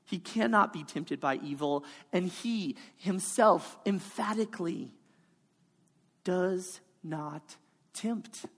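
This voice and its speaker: A woman delivers a sermon at an unhurried, deliberate pace, pressing each point with repeated phrases. Her voice sits at a middle pitch and carries a long reverb from a large hall. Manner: emphatic, repetitive preaching cadence. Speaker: preacher.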